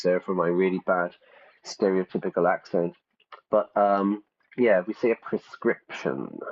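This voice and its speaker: Lively male English teacher. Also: fairly low pitch. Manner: lively, explains aloud, thinks out loud. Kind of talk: live-stream lesson while playing a game. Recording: slightly dull, faint music.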